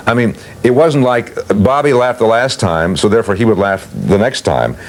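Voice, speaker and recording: A man's voice: fairly low pitch, expressive, normal speed. An older man telling anecdotes about his voice work in an interview, at an easy storyteller's pace. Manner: leisurely anecdotal telling, acts out quotes. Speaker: interviewee recalling work as a voice actor.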